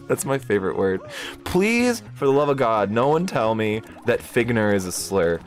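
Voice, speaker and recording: Excitable young man streaming games. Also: lowish voice, moderate pace, soft background music. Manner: excitable and jokey, bursts into shrieks and laughs. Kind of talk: casual gaming livestream commentary.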